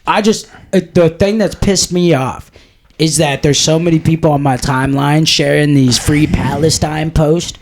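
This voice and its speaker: A man's voice: on the high side, fairly even intonation, normal speed, a little hiss or hum. A man co-hosting a podcast in casual chat, talking in a profane, rambling, jokey way. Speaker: podcast co-host.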